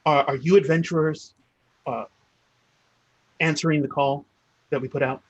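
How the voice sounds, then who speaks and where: A man's voice: on the high side, fairly even intonation, moderate pace, no echo, lo-fi sound. A man voicing an anxious, tall male townsman with missing teeth who stammers while trying to seem composed. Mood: nervous. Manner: stammering, flustered.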